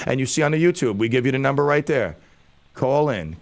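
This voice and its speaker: Gravelly man hosting a radio show. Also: medium pitch, animated, fairly quick. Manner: joking, self-mocking banter. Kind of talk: casual radio talk. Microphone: studio microphone.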